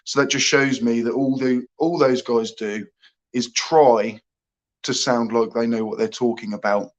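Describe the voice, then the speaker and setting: A man's voice: medium pitch, fairly even intonation, a little slow. A man from England hosting a casual livestream, chatting, joking and greeting viewers by name. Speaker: livestream host.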